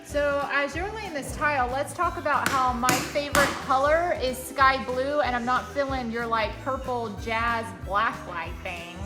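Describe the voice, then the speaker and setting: Easygoing mom chatting at home, slightly high voice, echoey w/ music. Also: female voice, unhurried, few pauses. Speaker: vlog host, mom and homeschool teacher. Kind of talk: casual chat. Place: home under renovation, indoors.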